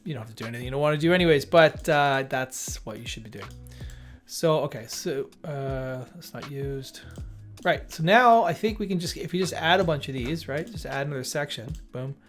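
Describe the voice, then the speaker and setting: A man's voice: a little high, lively intonation, a little fast, faint music behind. A man hosting a live coding stream, thinking aloud as he works, muttering to himself and tossing off jokey asides.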